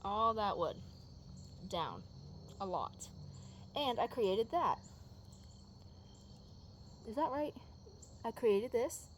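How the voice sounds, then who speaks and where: A woman vlogging from her backyard garden at dusk, filming on a phone as she walks. She rambles and vents, swinging from soft musing to loud, exasperated outbursts. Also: fairly high pitch, big pitch swings, very slow, pauses often, a little hiss or hum. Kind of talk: casual venting vlog.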